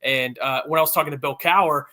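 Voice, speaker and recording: A man's voice: fairly high pitch, steady tone, quick pace, sharp tone. A man who covers sports as a reporter, giving fluent, well-informed analysis as an interview guest.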